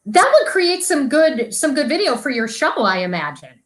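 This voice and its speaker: A woman's voice: sits high, very animated, moderate pace, poor audio. A woman hosting a livestream interview, asking upbeat questions on a video call. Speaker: host.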